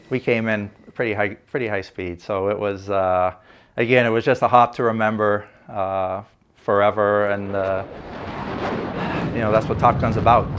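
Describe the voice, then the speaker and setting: An older man, a former Navy fighter pilot, telling a story for a documentary interview in a relaxed, anecdotal way with frequent fillers. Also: lowish voice, a little hiss or hum.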